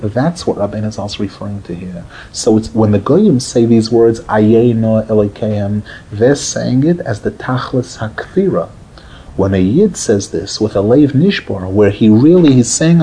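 Male rabbi, mellow tone, lively lecturer who acts out quotes. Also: measured pace, breathy edge, rough recording. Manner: animated, acts out quotes with rising pitch, drops to a murmur. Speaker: rabbi teaching a Torah class. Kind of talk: Torah lecture.

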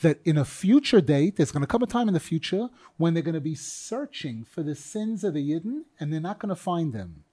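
A man teaching a Torah class. He reads each phrase of the text in a chanting tone, then explains it with animated rhetorical questions. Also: fairly high pitch, fairly quick, hardly any pauses, husky.

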